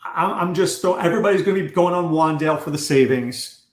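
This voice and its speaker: Guy hosting a fantasy sports chat, kinda high voice, fast and wry, echoey room. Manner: quick, wry, asks probing questions. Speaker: fantasy football podcast host. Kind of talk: casual analytical chat.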